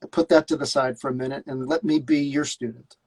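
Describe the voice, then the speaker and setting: Upbeat husky man. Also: mid-range voice, fairly even intonation, fast talker. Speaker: co-host acting as student. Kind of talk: casual chat.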